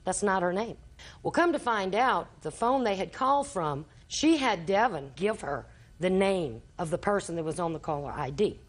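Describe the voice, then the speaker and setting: An older grandmother, a litigant in a TV courtroom, rambles through a long family story in an everyday voice, slipping into the quoted words of each person she mentions. Her voice is on the low side, with lively intonation and a normal speed.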